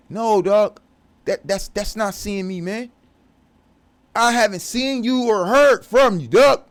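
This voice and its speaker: A man's voice: high-pitched, slow pace. A man delivering a profane, confrontational religious rant as a vlogger. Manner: profane, aggressive, preachy.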